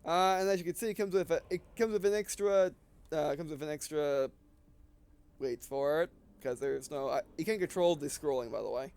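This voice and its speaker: Breathless man with a high, smooth voice. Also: a little fast, darkish tone. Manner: rambling, often restarting and correcting himself. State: short of breath. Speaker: gaming video creator. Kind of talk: casual gameplay commentary.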